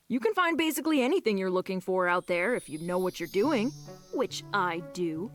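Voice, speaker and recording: A woman's voice: on the low side, lightly acted. A woman voicing a confident, restless wolfish young student in a game, breezy and self-assured. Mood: wistful. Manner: breezy and self-assured, sighing about being stuck.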